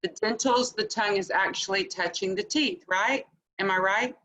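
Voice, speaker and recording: A woman's voice: mid-range voice, normal speed, bright, forceful tone, low-quality recording. Woman checking her answer in class. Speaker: student. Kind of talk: asking in class.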